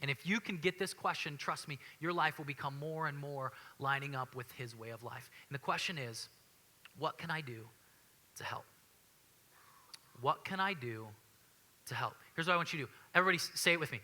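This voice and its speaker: A man in his thirties delivers a sermon to his church, speaking in a casual, earnest way and circling back over his own phrases. His voice sits high for a man, with a very bright, forward tone. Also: animated, fairly quick. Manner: conversational, earnest, repeats himself and restarts often. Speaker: pastor. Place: church sanctuary.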